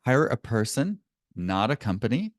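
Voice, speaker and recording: A man's voice: mid-range voice, very animated, normal speed, dry recording, clean studio sound. A man presenting a business webinar in a conversational way, often correcting himself and chuckling now and then.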